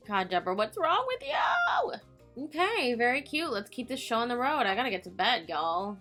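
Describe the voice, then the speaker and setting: A tired young woman chatters through a makeup swatch vlog, giggling and mocking herself. Her voice is bright and sits a little high. Faint music plays under her. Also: very animated, moderate pace. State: tired late at night. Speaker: beauty vlogger.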